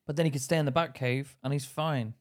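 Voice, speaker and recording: A man's voice: medium pitch, fairly even intonation, fast. A man co-hosting a podcast, playfully questioning and joking in casual chat. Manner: playful, questioning, bursts into loud laughter. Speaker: podcast co-host.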